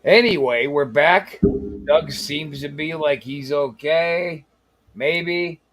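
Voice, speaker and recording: A man's voice: a little high, slow, fairly bright tone, a little hiss or hum. Sarcastic, foul-mouthed man hosting. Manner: sarcastic, profane, teasing. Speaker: host. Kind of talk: casual comedic chat.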